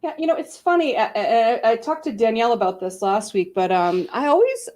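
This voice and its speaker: A woman with a Boston accent, a guest on a talk show, chatting casually as an animated storyteller who mocks herself. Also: fairly high pitch, a little fast. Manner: animated storyteller, acts out quotes, self-mocking. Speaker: actress and director-writer guest. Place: studio.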